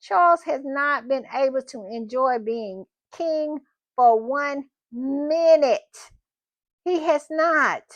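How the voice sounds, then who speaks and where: Woman host, unhurried and emphatic, dry close recording. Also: high-pitched, no echo, lo-fi sound. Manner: chatty and emphatic, repeating phrases. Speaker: commentary channel host. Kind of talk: casual opinion commentary.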